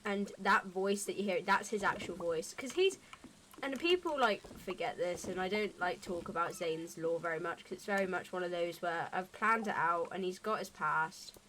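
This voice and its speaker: A woman's voice: lowish voice, moderate pace, a bit bright, a little hiss or hum. A young adult woman streaming a game and chatting casually, rambling and often restarting her sentences. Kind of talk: casual chat while gaming.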